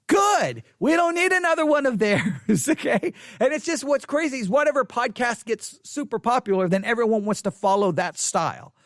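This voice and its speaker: A man hosting a solo podcast, talking off the cuff in an animated, repetitive way with many restarts. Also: very high voice, normal speed, hardly any pauses, dry recording. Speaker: podcast host. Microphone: studio microphone.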